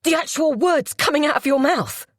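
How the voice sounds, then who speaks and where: A woman voicing a furious grown man who shouts and roars at his wife in an audiobook. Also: high-pitched, expressive, moderate pace, dry recording, studio quality, pitched above the performer's own voice. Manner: shouting, roaring, then grunting through pain. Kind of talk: audiobook character voice.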